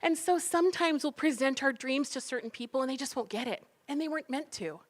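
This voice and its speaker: A woman's voice: high voice, fast. A woman giving a motivational talk, telling her story animatedly and acting out the dialogue with laughs. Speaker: cookbook author and speaker.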